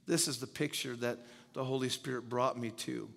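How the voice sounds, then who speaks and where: A man's voice: medium pitch, little pitch movement, normal speed, gravelly, fairly bright tone, big-room sound. A man preaching a sermon as pastor. He speaks emphatically, repeats key phrases and quizzes his listeners.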